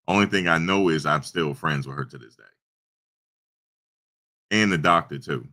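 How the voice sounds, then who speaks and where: Very deep-voiced man rambling casually. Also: moderate pace, pushed and bright. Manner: rambling storytelling with many restarts. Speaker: channel host. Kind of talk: casual live-stream chat. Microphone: desktop USB microphone.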